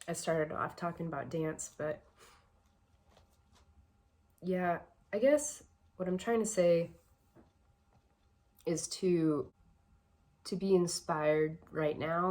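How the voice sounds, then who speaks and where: A woman's voice: low-pitched, fairly even intonation, slow, long pauses, darkish tone. A woman vlogger giving casual personal advice, reflective and a bit emotional, with a shaky voice and many fillers.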